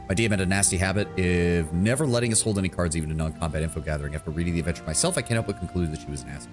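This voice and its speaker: A man's voice: low voice, very fast, hardly any pauses, over music. A man live-streaming a role-playing game, reading the text aloud and joking with chat between lines.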